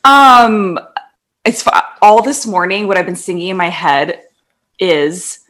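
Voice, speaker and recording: A woman's voice: medium pitch, animated, measured pace, fairly bright tone. A woman co-hosting a podcast, chatting casually in a giggly, rambling way. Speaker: podcast co-host. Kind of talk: casual chat. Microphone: podcast studio microphone.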